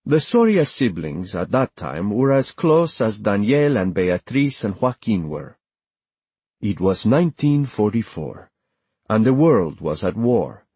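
A man reading an audiobook in measured scripted narration, dropping lower and quieter on somber lines. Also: breathy edge, dry recording.

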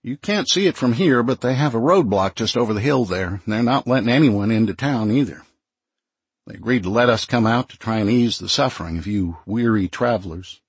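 A man's voice: on the low side, slightly rough, no echo. A man voicing a friendly small-town minister in an audiobook, earnest and reassuring. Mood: regretful.

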